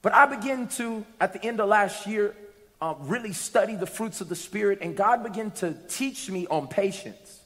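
A man preaching a sermon to a congregation, lively and humorous, rising to shouts at times. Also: high-pitched, normal speed. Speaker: pastor. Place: church sanctuary with congregation. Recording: long reverb of a large hall.

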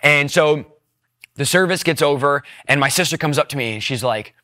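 Bright-voiced man telling his testimony. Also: a little high, moderate pace. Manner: earnest, emotional storytelling, swings between hushed and excited. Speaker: testimony speaker. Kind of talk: personal conversion testimony.

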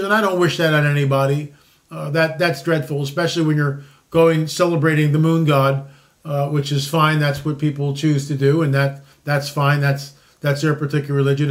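A man's voice: on the high side, fairly bright tone. A man in his sixties hosting a commentary show, talking in a conversational, opinionated monologue with self-interruptions and mocking asides. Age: 60s.

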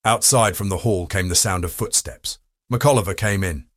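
A man narrating a crime story audiobook in a steady, measured reading. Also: low-pitched, dry recording, studio quality.

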